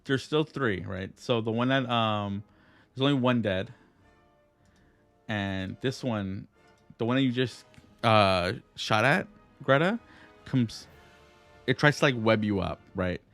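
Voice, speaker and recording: A man running a tabletop game as game master, halting and full of fillers and checking questions. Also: fairly low pitch, a bit bright, faint music behind. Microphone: streaming setup.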